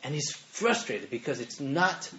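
A man preaching to a youth group in an animated way, laughing often and checking in with his listeners. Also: medium pitch, unhurried, slight background noise. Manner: animated, laughs often, keeps asking "right?". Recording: dull lo-fi recording.

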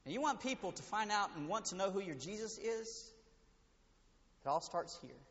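In a church sanctuary, a male pastor with a high-pitched voice preaches a sermon at a normal pace, expressively shifting from booming emphasis to hushed, intimate passages. The audio sounds dull and muffled, carried by a long, echoing sanctuary reverb.

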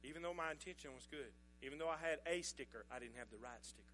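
Folksy preacher, bright voice. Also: male voice, on the high side, fast talker, a little hiss or hum. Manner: folksy, chuckling, conversational. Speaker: pastor. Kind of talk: sermon illustration storytelling.

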